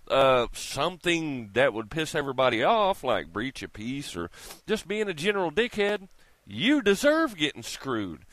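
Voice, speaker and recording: Man, swearing rant to camera, pitch jumps all over, very dry sound. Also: fairly bright tone, dry recording. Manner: heated, swears constantly, preachy asides to viewers. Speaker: vlogger. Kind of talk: profane ranting monologue.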